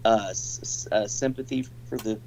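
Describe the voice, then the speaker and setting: A man in a casual talk show conversation who cuts in and speaks haltingly. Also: fairly low pitch, steady tone, vocal fry, a little mellow, a little hiss or hum, rough recording. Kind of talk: casual chat.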